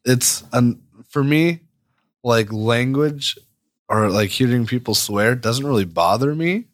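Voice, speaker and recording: A man co-hosting a casual chat, quick to laugh and agreeing in short replies. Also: medium pitch, animated, dry recording, clean studio sound. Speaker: podcast co-host.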